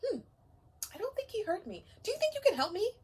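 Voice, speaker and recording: A woman teacher leads story time for small children with gentle encouragement. Her voice sits high and swings widely in pitch as she coaxes the kids along. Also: big pitch swings, fast talker.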